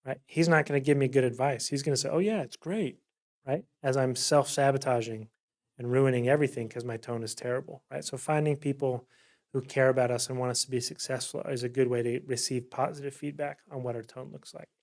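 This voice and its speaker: A man's voice: mid-range voice, fairly even intonation, fast talker. Chatty man leading a council workshop. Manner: chatty, keeps asking "right?". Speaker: workshop facilitator. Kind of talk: conversational presentation. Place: city council chamber.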